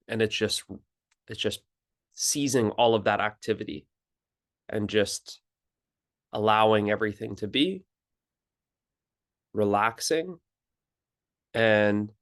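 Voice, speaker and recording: Male spiritual teacher, lower voice, very slow and calm delivery with pauses. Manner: calm, unhurried, pauses and restarts phrases. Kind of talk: slow contemplative teaching talk.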